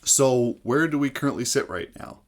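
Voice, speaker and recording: A man's voice: medium pitch, lively intonation, moderate pace. A man explaining housing market math step by step, talking to viewers with frequent "uh" fillers. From Canada. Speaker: real estate agent explaining market math. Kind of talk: explainer video to camera.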